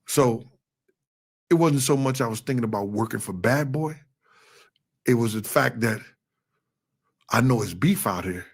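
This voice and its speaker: A man telling a tense story in a casual interview, acting out quoted shouts with an animated delivery. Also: medium pitch, a little slow, pauses often, husky. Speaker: interview guest.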